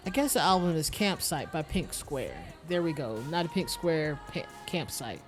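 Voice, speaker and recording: Quiet wry game streamer. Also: mid-range voice, sing-song, normal speed. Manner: quiet, wry, reads item names aloud. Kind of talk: casual game commentary. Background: faint game music.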